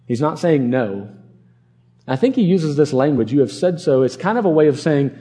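Earnest preacher guy, mellow voice on the high side, leans on repeated words. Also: expressive, moderate pace. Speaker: pastor. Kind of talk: expository sermon.

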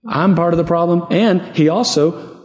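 Pastor guy preaching, earnest chatty sermon, slightly high voice. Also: normal speed, darkish tone. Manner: earnest, conversational preaching with rhetorical questions. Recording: echoey hall with long reverb.

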